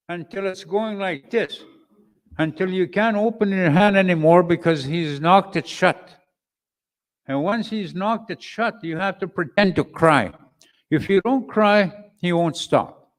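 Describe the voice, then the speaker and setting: High-voiced older man giving testimony. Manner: slow, emphatic, with repeated phrases and demonstrations. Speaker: speaker at a men's conference. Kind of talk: personal testimony talk.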